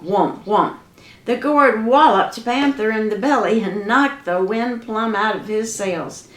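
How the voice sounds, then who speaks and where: Folksy woman telling a tale. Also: medium pitch. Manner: lively, dramatic, folksy. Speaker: storyteller. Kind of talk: folk tale storytelling. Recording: echoey room.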